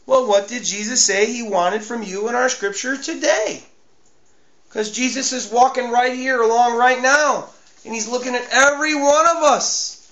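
A man preaching as a pastor, pressing his listeners with emphatic rhetorical questions and letting phrases fall away quietly. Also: normal speed, dull audio. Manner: drops to a hushed, low tone at ends of phrases. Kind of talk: sermon.

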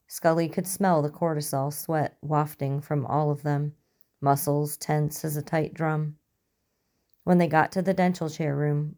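A woman narrating a story in an even, measured way. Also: low voice.

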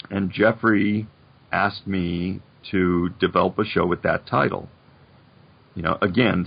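An older man in his seventies spins long stories in a casual chat, his voice low, husky and full of gravel. The recording sounds dull and slightly lo-fi. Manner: reflective storyteller, many "you know"s. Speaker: guest, animation producer.

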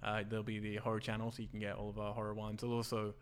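A man hosting a casual podcast chat, relaxed and laughing often, with many fillers. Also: lowish voice, rapid-fire, clean tone. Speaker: podcast host.

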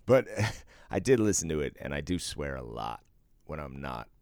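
A man's voice: very deep voice, very animated, normal speed, a little mellow, no echo, clean studio sound. A middle-aged man co-hosting a casual podcast chat, laid-back, swearing freely and laughing often. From eastern US. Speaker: podcast co-host.

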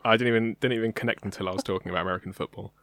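A man's voice: lowish voice, fairly even intonation, very fast, a bit bright, no echo, studio quality. A young British man co-hosting a podcast, talking casually and hesitantly, with many ums. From Britain. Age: young adult. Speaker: podcast co-host. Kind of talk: casual chat.

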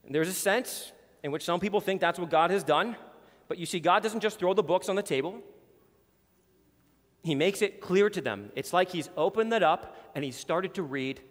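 A man's voice: high-pitched, normal speed, big-room sound. A man preaching a sermon as pastor, emphatic and repeating words for stress.

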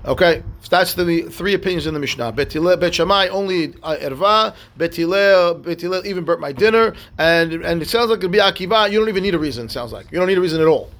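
A man's voice: high-pitched, expressive, fast talker, hardly any pauses, fairly bright tone. A man, a rabbi teaching a daily Talmud class, reads Hebrew and Aramaic text and explains it in conversational English, often checking in with "right?" and "okay?".

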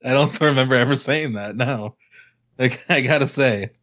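Young podcast dude, blunt, cusses a lot, just chatting casual. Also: male voice, medium pitch, moderate pace, a bit bright. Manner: blunt, swears, trash-talks. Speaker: podcast co-host. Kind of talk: crude casual banter.

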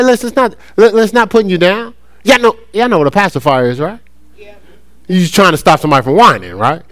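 A middle-aged man preaching a sermon, lively and conversational, often acting out playful voices. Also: high voice, dry recording. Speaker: pastor.

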